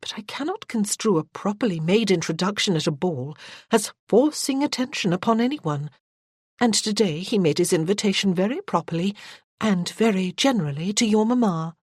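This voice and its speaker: A narrator voicing a proud, spirited young lady of society who speaks sharply and crisply in a radio-drama style. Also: medium pitch, animated, moderate pace, no room sound, studio quality, voice pushed up. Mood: cool.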